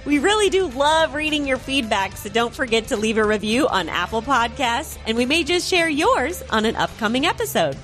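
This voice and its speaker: Lively upbeat woman podcast co-host. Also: sits high, normal speed, hardly any pauses, soft background music. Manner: chatty, upbeat, laughs often. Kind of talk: casual chat. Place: outdoor restaurant patio, earlier in a car at a drive-thru.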